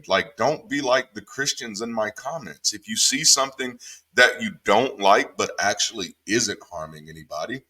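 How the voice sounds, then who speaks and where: Give me a man's fairly low but ringing, forward voice, a former preacher doing a casual Bible commentary. He talks with emphasis and swears freely. He drops into calm, quiet stretches, then jumps up sharp and high when he gets worked up. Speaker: former pastor turned online commentator.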